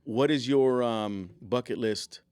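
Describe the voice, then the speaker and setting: A man hosting a casual podcast interview, relaxed and affirming, asking questions in between short replies. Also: medium pitch, slow, clear, resonant tone, no room sound, clean studio sound. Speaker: podcast host.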